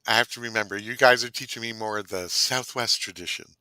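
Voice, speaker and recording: A middle-aged man with a low, bright and forceful voice chats on a cooking live stream. He teases and laughs a lot. The sound is close and dry. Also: a little fast, no room sound. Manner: playful, teasing, laughs often. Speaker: cooking show co-host. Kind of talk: casual live-stream chat. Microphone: computer mic.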